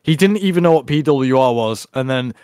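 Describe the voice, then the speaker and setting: A man's voice: medium pitch, expressive, fairly quick, darkish tone, clear, resonant tone, no echo. A man hosting a casual podcast chat, rambling and provocative, often breaking into laughter.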